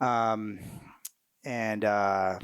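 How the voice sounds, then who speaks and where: A man's voice: on the low side, fairly even intonation, very slow, fairly bright tone, clean tone, dry recording. A middle-aged man, a retired Marine officer, telling war stories in a casual interview, candid and profane, with many fillers and restarts.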